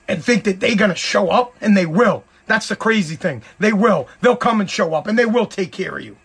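A man hosting a podcast, ranting heatedly with lots of swearing, his voice hoarse and nearly gone. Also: high-pitched, lively intonation, a little fast, a bit bright. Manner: heated, profane, repetitive ranting. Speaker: podcast host.

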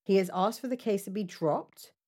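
A woman's voice: mid-range voice, moderate pace, darkish tone. A woman co-hosting a casual chat, reading out news stories with laughter and asides. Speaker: podcast co-host.

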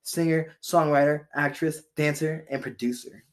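A man's voice: fairly high pitch, fairly even intonation, normal speed. Laid-back man on a casual podcast. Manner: laid-back, reads date facts, swears, laughs often. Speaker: podcast co-host.

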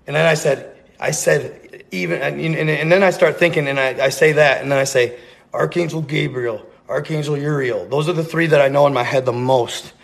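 A man's voice: a little high, steady tone, normal speed, creaky. A man telling a rambling, profane story in a casual, earnest way, full of slang and repeats. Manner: earnest, intense.

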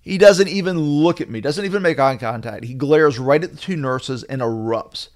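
Wry storytelling man, slightly high voice. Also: moderate pace, few pauses. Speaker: podcast host. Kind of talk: storytelling monologue.

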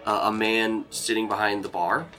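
A man narrating as game master in a tabletop game, rambling casually with plenty of fillers. His voice sits a bit low and sounds bright and forceful. Faint music runs underneath. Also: flat delivery, normal speed.

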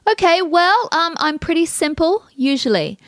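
A woman's voice: very high voice, big pitch swings, moderate pace, no echo, clean studio sound. A woman from Australia co-hosting a podcast, chatting enthusiastically about food and health. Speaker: podcast co-host. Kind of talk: casual chat.

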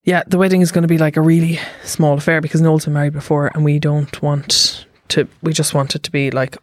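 A woman's voice: low voice, little pitch movement, brisk, no echo. A woman with a Cork Irish accent hosting a casual chat, dry and blunt in her delivery. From Cork, Ireland. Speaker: podcast host.

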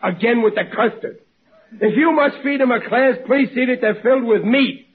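An actor playing a blustering, boastful working-class father with a husky, raspy voice, stammering through 1940s radio comedy. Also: very high-pitched, moderate pace. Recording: lo-fi old radio recording.

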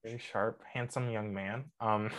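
A man co-hosting a casual racing podcast, rambling with fillers, giggling and now and then bursting into shouts. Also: fairly low pitch, steady tone, a little slow, a crowd in the background. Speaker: podcast co-host. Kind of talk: casual chat.

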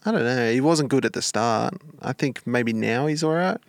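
A young man co-hosting a casual comedy podcast, understated and mild in how he puts things. His voice sits at an ordinary male pitch. It is recorded close and dry, with no room sound. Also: moderate pace, vocal fry, dry recording. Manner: low-key, understated, mild. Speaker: podcast co-host.

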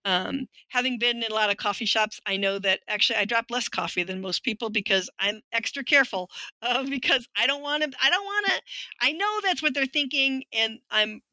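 A middle-aged woman talks as a guest in an interview, her voice bright and sharp. She tells her stories frankly and with dry wit. The sound is close and dry, with no room around it. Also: a little high, a little fast, no echo, low-quality recording. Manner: frank, wry storytelling that acts out quoted voices. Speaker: guest, linguistics professor. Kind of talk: conversational interview.

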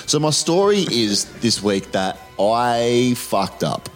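Lively Australian bloke telling stories. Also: male voice, medium pitch, slow, soft background music. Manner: jokey storytelling, mimics people. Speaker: co-host. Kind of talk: casual podcast banter.

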